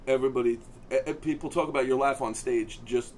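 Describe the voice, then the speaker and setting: A man's voice: medium pitch, steady tone, fast talker, a little mellow, a little hiss or hum, poor audio. A man hosting a casual podcast interview, prompting his guest with short questions and dry, teasing jokes. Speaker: podcast host.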